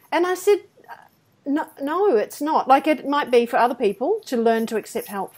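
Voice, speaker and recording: A woman's voice: high-pitched, fairly quick. A woman co-hosting a podcast, telling personal anecdotes in casual conversation and acting out quotes. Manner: animated anecdotes with acted-out quotes and self-deprecating laughs. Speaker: podcast co-host.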